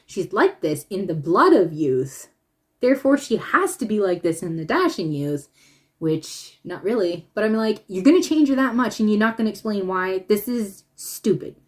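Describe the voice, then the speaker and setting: A woman talking casually as she reviews a drama series, animated, with frequent laughter and trailing restarts. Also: mid-range voice, normal speed. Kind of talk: casual opinion vlog.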